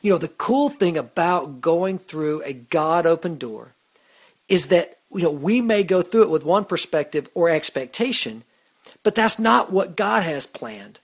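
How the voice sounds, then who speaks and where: A man's voice: fairly high pitch, animated, measured pace, husky. A man hosting a Christian radio show, talking about faith in an earnest, casual way, with lots of "you know" and restarts. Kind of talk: casual devotional talk.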